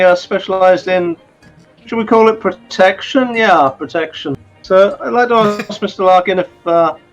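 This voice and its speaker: High-voiced British man on a dull mic. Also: a bit bright. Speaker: player. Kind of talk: casual tabletop role-play.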